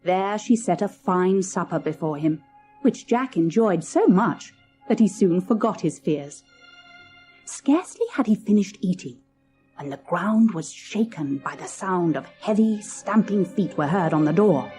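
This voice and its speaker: A woman narrating a children's storybook in an expressive, lilting storytelling manner. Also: fairly low pitch, a little slow, faint music behind. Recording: old cassette audiobook.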